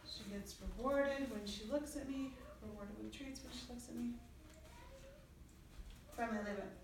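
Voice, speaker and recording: A woman's voice: on the high side, moderate pace. A woman training her dog, giving short commands and praising it in a coaxing voice. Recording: distant mic, very echoey room, faint noise.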